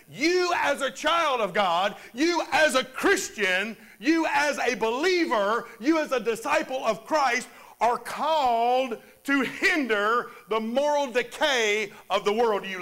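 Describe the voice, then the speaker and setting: A high-pitched man preaching to his church. His voice is bright and forceful, and he talks slowly and deliberately, drawing amens from the congregation. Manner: preaching with call-and-response amens. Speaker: pastor. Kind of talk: sermon.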